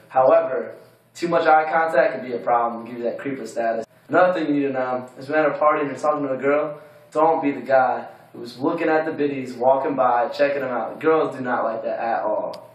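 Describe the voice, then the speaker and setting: A man's voice: medium pitch, fairly quick, recorded from a distance, dull audio. A young man, a college student, giving frank dating advice in a laid-back, casual vlog segment. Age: young adult. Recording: very echoey room, voice off-mic.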